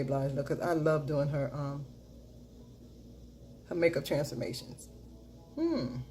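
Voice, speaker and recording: A woman's voice: deep voice, fairly even intonation, takes it slowly, long pauses, mellow, a little hiss or hum. A middle-aged woman chatting casually through a makeup tutorial, repeating her catchphrases and cheering herself on. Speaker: makeup vlogger.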